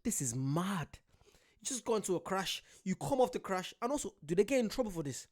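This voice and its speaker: A British man hosting a casual reaction video, excitable, laughing often and talking straight to his viewers. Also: sits high, brisk.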